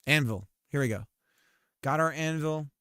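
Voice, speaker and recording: A man streaming while he works on a game, chatting casually, rambling with fillers and cursing at his software. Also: fairly high pitch, moderate pace, clean tone, no room sound, clean studio sound. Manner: rambling and self-deprecating, swears often, many fillers. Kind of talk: casual live-stream chat while working.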